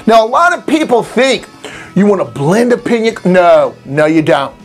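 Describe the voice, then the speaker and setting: A man's voice: sits high, sing-song, moderate pace, faint music behind. A man hosting a cocktail recipe video, talking casually and playfully with rambling asides. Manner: chatty and playful, rambling asides, silly mock voices. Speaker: cocktail channel host. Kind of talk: casual recipe talk to camera.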